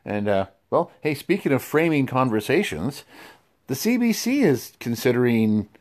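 A man's voice: medium pitch, very animated, moderate pace, a little mellow. A man co-hosting talk radio, wry and chuckling as he introduces a story. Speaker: radio talk show co-host. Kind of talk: casual talk radio banter.

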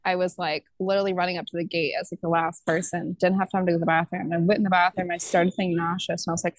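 A woman's voice: on the low side, level tone, very fast, few pauses, no room sound, low-quality recording. A young woman from Georgia chatting with strangers, telling a rambling, profane story. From Savannah, Georgia. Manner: loose, rambling storyteller, swears freely. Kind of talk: casual chat. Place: airport or hotel area.

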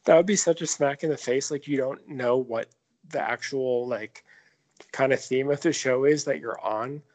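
This is a man in his thirties, talking casually on a podcast, loose and joking, with a lot of swearing. His pitch sits at an everyday middle level for a man. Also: moderate pace, a little mellow. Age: 30s. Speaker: podcast co-host. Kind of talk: casual chat.

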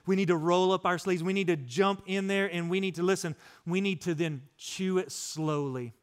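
A man's voice: sits high, clear, resonant tone. A middle-aged male pastor preaching a sermon in a conversational, storytelling way, acting out the voices of people he talks about.

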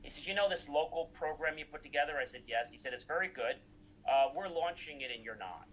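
A man's voice: on the high side, lively intonation, brisk, a bit bright, a little hiss or hum, low-quality recording. A man recounting anecdotes in a casual talk, acting out the dialogue he quotes.

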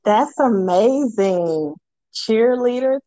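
A woman's voice: a little high, expressive, extremely slow, warm tone, dull audio. A woman hosting a podcast and interviewing a guest in an affirming, chatty way. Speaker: podcast host. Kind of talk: casual interview.

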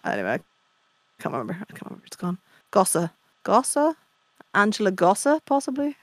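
A woman's voice: medium pitch, wildly swooping pitch, fast talker, no room sound. A woman co-hosting a podcast over a video call, chatty and opinionated, explaining things with gusto. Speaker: podcast co-host. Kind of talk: casual chat.

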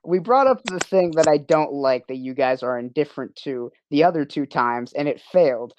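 A woman's voice: sits low, expressive, moderate pace, few pauses, darkish tone, a little hiss or hum. A young woman hosting a podcast in casual chat, rambling and cutting herself off often. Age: young adult. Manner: rambling, self-interrupting. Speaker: podcast host.

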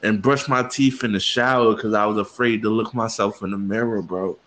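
A man's voice: lowish voice, steady tone, moderate pace, a bit bright, rough recording. A man hosting a casual podcast chat, talking in an earnest, heartfelt way and calling his co-host "bro" again and again.

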